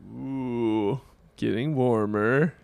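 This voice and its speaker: A laid-back man is a guest on a casual comedy podcast. His voice is gravelly with some fry, and his talk is loose and slangy. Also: medium pitch, steady tone, extremely slow, a little mellow, dry recording.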